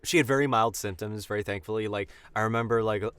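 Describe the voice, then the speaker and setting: A man's voice: lowish voice, fairly even intonation, fast talker, a bit bright, clear, resonant tone, dry recording. A man co-hosting a podcast, chatting casually and playfully and often losing his train of thought. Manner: playful, joking, trails off often. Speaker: podcast co-host. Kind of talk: casual chat.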